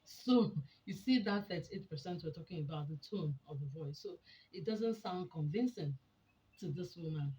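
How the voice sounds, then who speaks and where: A woman giving a teaching talk to an audience, deliberate and emphatic, often asking rhetorical questions. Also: low voice, expressive, warm tone, poor audio. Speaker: speaker on a women's program.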